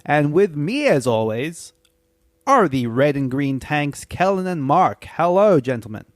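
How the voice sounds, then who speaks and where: Lively, upbeat man hosting a podcast. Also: a little high, unhurried, no room sound, studio quality. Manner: upbeat, laughs easily. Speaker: podcast host. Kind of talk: casual chat.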